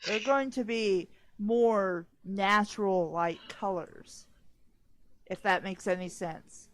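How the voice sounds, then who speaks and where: A woman's voice: medium pitch, slow pace. A woman reading fanfiction aloud on a casual podcast, stumbling over names and breaking off for sarcastic remarks.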